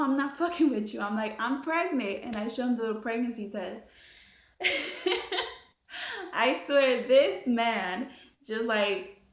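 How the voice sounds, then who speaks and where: Chatty young woman in an echoey room. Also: on the high side. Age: young adult. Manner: chatty, animated, swears freely, many fillers. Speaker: vlogger. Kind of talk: casual storytime.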